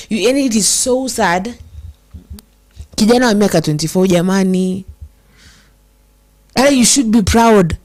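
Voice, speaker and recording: A woman's voice: mid-range voice, a little mellow. A young Kenyan woman hosting casual commentary, reading viewer comments and mixing English and Swahili with feeling. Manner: code-switches English and Swahili, emotional, slows to stress words.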